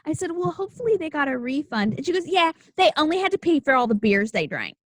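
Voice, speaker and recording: A young woman hosting a podcast, telling stories in a casual, animated way and acting out the voices of the people in them. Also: high-pitched, quick pace, no room sound. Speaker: podcast host. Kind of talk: casual storytelling chat.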